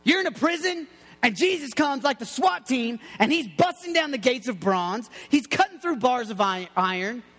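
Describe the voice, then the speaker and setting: A man preaching an excitable, joking sermon, like a youth pastor, full of playful asides. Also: extremely high pitch, moderate pace, big-room sound. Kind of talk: lively sermon.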